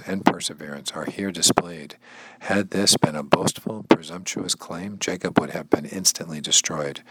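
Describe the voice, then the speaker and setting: A man's voice: very deep voice, a bit bright, a little hiss or hum, rough recording. A man reading a devotional passage aloud, then paraphrasing it casually and repeating phrases, sometimes dropping into a whisper. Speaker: bible study teacher and language learner.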